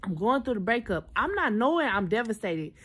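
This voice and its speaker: A woman in her twenties telling a personal story in a chatty, animated storytime style, talking straight to her viewers. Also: a little high, a little fast. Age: 20s. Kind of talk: casual storytime.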